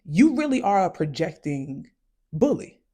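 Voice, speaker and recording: A woman from the United States with West Indian parents, giving casual psychology commentary in a conversational, emphatic way and slowing down to stress key phrases. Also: lowish voice, sing-song, dark tone, husky. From United States, raised by West Indian parents. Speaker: commentary vlogger.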